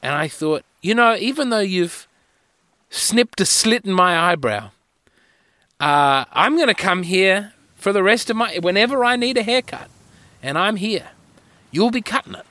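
A man's voice: high voice, lively intonation, measured pace, bright, forceful tone, no echo. A man hosting a podcast, telling rambling, wry, self-mocking stories in a solo monologue on a close mic. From Australia. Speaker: podcast host.

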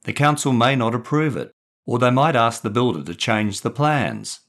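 A man voicing a patient, gentle father who speaks softly to his son in a storybook reading. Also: mid-range voice, expressive, moderate pace, voice pushed up.

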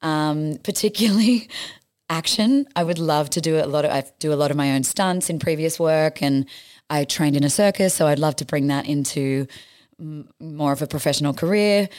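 An Australian woman who is a stage actress, chatting as a guest and telling lively stories, acting out quotes and laughing often. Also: low voice, normal speed. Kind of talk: casual interview chat.

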